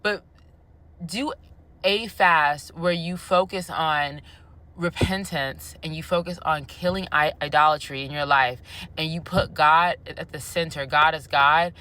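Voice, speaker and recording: Low, bright-voiced woman sharing faith testimony. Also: unhurried. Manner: emotional and earnest, calls the listener honey and baby. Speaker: faith vlogger. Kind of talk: casual testimony to camera.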